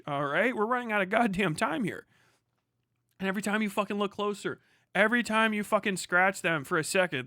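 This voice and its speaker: A man's voice: sits high, bright, forceful tone, dry recording, studio quality. A man hosting a livestream, delivering an angry, profane political rant full of repetition. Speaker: livestream host.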